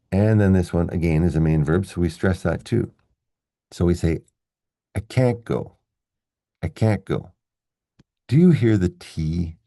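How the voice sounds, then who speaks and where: Low gravelly guy teaching english, patient and steady, dry close sound. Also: dry recording. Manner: patient, steady, spells out each word slowly. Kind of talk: explaining a lesson.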